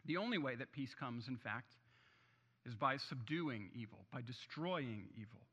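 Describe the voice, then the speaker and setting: A man preaching a sermon, opening with a prayer and then speaking in an earnest, emphatic way with deliberate pauses. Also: mid-range voice, lively intonation, fairly bright tone, husky, in a large hall. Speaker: pastor.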